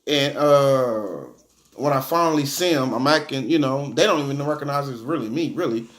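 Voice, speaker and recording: A man leading an informal bible study, reading verses slowly and then explaining them in casual, heartfelt talk. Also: medium pitch. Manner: reads scripture slowly then explains in casual talk, repeating "you know what I mean". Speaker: bible teacher.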